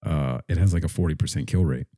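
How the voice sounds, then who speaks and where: A man's voice: very deep voice, fast, warm tone, no room sound, clean studio sound. A man co-hosting a podcast, thinking aloud in casual chat and hedging with fillers. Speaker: podcast co-host.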